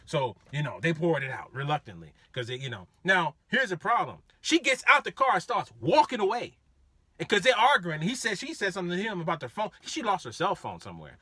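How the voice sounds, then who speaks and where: Animated storytelling man with a bright voice. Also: high voice, brisk, husky, no echo. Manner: animated, laughing, acts out voices. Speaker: rideshare driver. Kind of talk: casual storytelling.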